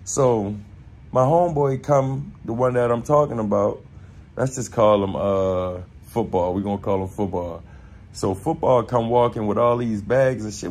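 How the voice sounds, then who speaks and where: A young man with a Baltimore accent telling a casual story, animated and profane, acting out quotes in street slang. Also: lowish voice, moderate pace, slightly rough. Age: young adult.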